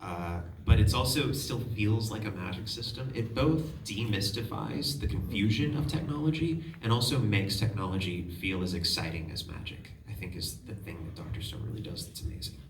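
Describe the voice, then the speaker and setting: Animated male voice actor in a hall. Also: fairly low pitch, normal speed, hardly any pauses. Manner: animated, self-deprecating, laughs while telling stories. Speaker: voice actor on a convention panel. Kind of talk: casual storytelling to an audience. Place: large convention hall. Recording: echoey hall, far from the mic, audience noise.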